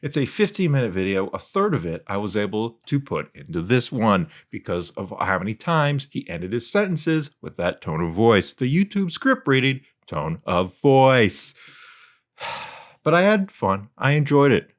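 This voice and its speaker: A man's voice: fairly low pitch, very animated, moderate pace. A man giving casual comedic commentary, talking in a playful, mocking way while he parodies an exaggerated sing-song script-reading tone. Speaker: video commentator.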